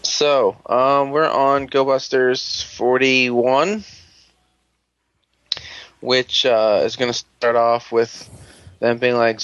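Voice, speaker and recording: A man's voice: mid-range voice, fairly even intonation, extremely slow, long pauses, fairly bright tone, clear, resonant tone, dry recording, lo-fi sound. A man hosting a casual chat, recapping a show in a rambling, sarcastic, profane way, groggy and unwell. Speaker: podcast host.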